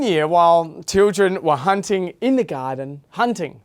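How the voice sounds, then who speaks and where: A man's voice: sits high, moderate pace, hardly any pauses. A middle-aged man hosting a podcast in casual, rambling chat, swearing freely. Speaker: podcast host.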